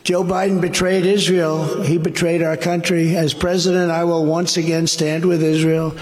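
A man gives a campaign rally speech as a political candidate, rambling and repeating himself with a boastful edge. His voice is a bit higher than most men's. A long reverb from a large hall trails behind every phrase. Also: little pitch movement, normal speed, a little mellow.

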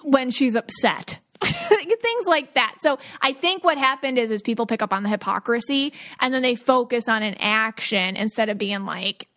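Woman, podcast host, casual rambling chat, slightly high voice. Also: lively intonation, moderate pace, fairly bright tone. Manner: chatty, rambling storytelling with many fillers.

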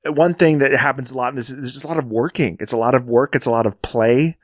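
A man in casual conversation about a film, getting choked up, halting and restarting as he recounts scenes. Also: medium pitch, no room sound, studio quality. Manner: emotional, halting, many restarts.

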